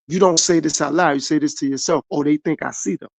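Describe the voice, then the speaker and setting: Gravelly man preaching self-control. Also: on the high side, fairly even intonation, fast, no room sound. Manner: earnest, repetitive, preaching from his own life. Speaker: podcast host. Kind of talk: motivational monologue.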